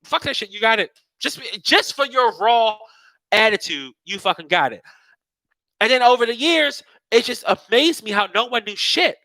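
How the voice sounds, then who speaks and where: A man rants casually, swearing freely and mocking people in put-on voices. His voice sits high and bright. The sound is dry and close, with no room echo. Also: normal speed. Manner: profane, animated, mocks others in put-on voices. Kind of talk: casual political rant.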